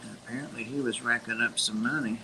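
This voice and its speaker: An older man chats on a livestream, wandering from one memory to the next. His voice stays flat in pitch but sounds bright and forward. A faint noise sits under the recording. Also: quick pace, rough recording. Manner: rambling, reminiscing storyteller. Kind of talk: casual chat.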